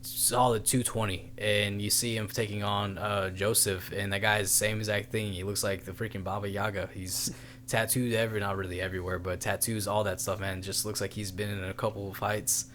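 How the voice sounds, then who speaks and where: A man with a fairly low voice co-hosts a casual podcast. He rambles through his points, leaning on fillers and restarts. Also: flat delivery, fairly quick, a bit bright, slight background noise. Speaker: podcast co-host. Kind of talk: casual chat about boxing.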